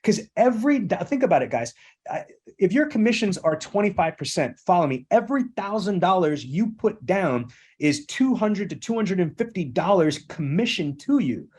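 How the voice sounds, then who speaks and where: A man's voice: high voice, very animated, moderate pace, darkish tone, breathy edge. A middle-aged man hosting a sales training podcast. He coaches with emphasis and keeps repeating "again" and "okay". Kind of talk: energetic sales training with role-play.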